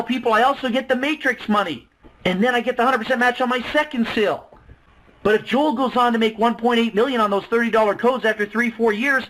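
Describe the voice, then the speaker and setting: A man with a high, bright voice pitches a business plan over a webinar microphone. He talks with loud, excited emphasis and keeps swinging into little acted-out dialogues. His energy stays high and insistent throughout. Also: slight background noise, low-quality recording. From Canada. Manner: excited, emphatic, acts out both sides of dialogues. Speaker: network marketing presenter on a webinar. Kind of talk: animated sales pitch to a webinar.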